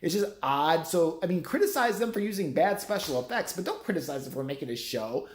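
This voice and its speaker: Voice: mid-range voice, lively intonation, fairly quick, a little hiss or hum. A middle-aged vlogger in a profane, sarcastic, rambling rant. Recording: roomy echo.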